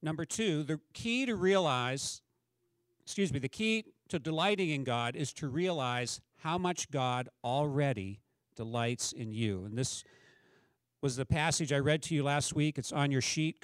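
A man's voice: on the high side, expressive, measured pace, dry recording. A middle-aged man preaching a sermon as a pastor, talking in a conversational way and asking the congregation questions.

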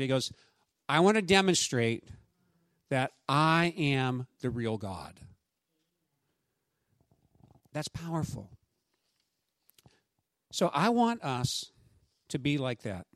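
A man's voice: on the high side, dry recording. A man preaching a sermon, reading a scripture passage aloud and then talking it over with his listeners in an emphatic, conversational way. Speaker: pastor.

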